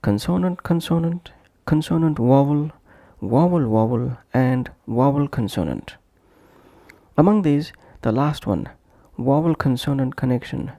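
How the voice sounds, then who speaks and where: A man narrating a scripted English pronunciation lesson, slowly and deliberately repeating example phrases as drills. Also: mid-range voice, animated, dark tone, no room sound, studio quality.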